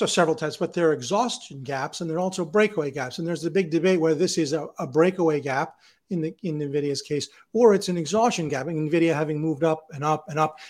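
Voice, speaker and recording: A man's voice: a little high, darkish tone. A man giving emphatic, lecturing market commentary on a panel show, building each point step by step. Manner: repeats words when starting a sentence. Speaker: market technician, show regular.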